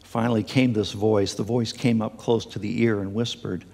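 A man's voice: on the low side, fairly even intonation, normal speed, gravelly, a little mellow, breathy edge. A man preaching a sermon as pastor, earnest, with fillers and restarts, speaking in a church sanctuary. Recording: long hall reverb.

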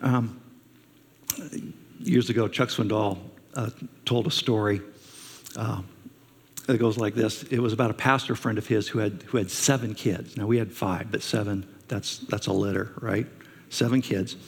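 A man's voice: on the low side, steady tone, moderate pace, vocal fry, long pauses, husky. A man preaching a sermon as a pastor, telling stories and asking his listeners rhetorical questions. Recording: long reverb of a large hall.

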